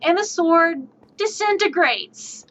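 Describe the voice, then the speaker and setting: A woman streamer telling a tabletop game story in an animated, exasperated way, swearing freely, on dull lo-fi stream audio. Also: very high-pitched, slow pace, a little hiss or hum.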